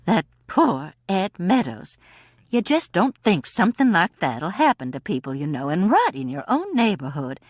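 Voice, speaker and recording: A woman's voice: on the low side, big pitch swings, normal speed, no echo, clean studio sound. A woman doing a chatty old-hippie woman. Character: plump cheerful old-hippie woman, teasing and friendly.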